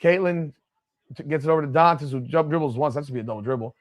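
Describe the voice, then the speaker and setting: A man with a high voice delivers live play-by-play as a watch party host. His cuts through quick, excitable calls, and he heckles the players with blunt, cursing asides from a home streaming setup.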